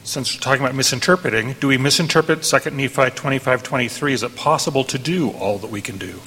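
A man's voice: medium pitch, fast talker, a bit bright, husky, big-room sound. A man asking careful questions in a question-and-answer session.

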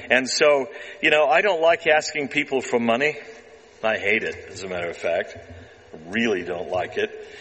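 A man's voice: on the low side, fairly bright tone, big-room sound, low-quality recording. A man giving an earnest presentation to an audience about a documentary, closing with a heartfelt personal testimony. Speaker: documentary producer speaking to an audience.

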